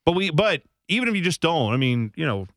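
A man's voice: a little high, big pitch swings, fairly quick, fairly bright tone, no echo, studio quality. A man co-hosting a radio show, joking around in casual banter. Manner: joking, puts on silly voices. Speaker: radio co-host.

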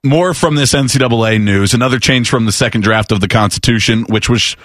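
A man's voice: medium pitch, fast talker, fairly bright tone, dry recording, clean studio sound. A man co-hosting a casual sports talk show, reading news items aloud and riffing on them with wry jokes.

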